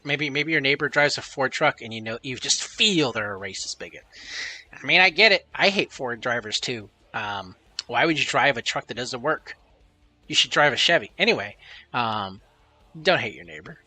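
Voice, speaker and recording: A man's voice: medium pitch, animated, moderate pace, bright, forceful tone, no echo, faint music behind. A man streaming live, chatting casually and rambling with lots of swearing while reading chat messages aloud.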